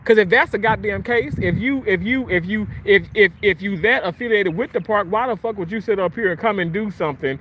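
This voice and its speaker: Brief: high-pitched male streamer, heated and profane, outdoors with faint traffic noise behind him. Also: fairly quick, hardly any pauses, a bit bright. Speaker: livestream host. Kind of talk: angry livestream rant.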